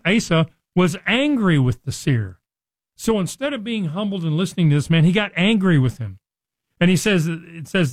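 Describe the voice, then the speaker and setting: A man's voice: on the high side, dry recording. A man teaching a Bible lesson in a conversational sermon style, often restarting and acting out quoted speech.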